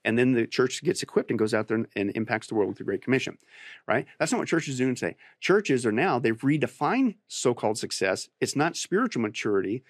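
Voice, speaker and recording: A man, a pastor, speaking emphatically as a guest on a talk show and rising to forceful peaks as he preaches his point. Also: medium pitch, big pitch swings, fairly quick, no room sound, clean studio sound. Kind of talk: preaching on a podcast interview.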